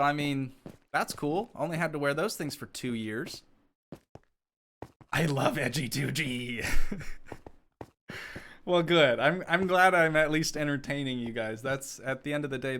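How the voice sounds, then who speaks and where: A young man with a cold, chatting casually on a live game stream. He rambles and pokes fun at himself while answering viewers, with a mid-range voice and frequent throat-clearing. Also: mid-range voice, fairly bright tone, a little hiss or hum. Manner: rambling and self-mocking, answering chat, clearing his throat. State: sick with a cold. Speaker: gaming streamer.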